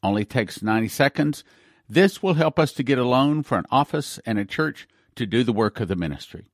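A man's voice: medium pitch, animated, brisk, dry recording, studio quality. A male pastor on a ministry broadcast who reads a story aloud in an earnest way and then comments on it.

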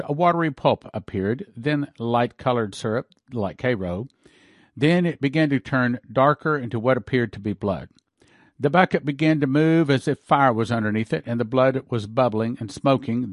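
A man's voice: medium pitch, no echo. Male preacher, reads dream accounts then comments, dry close mic. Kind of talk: sermon reading and commenting on dreams.

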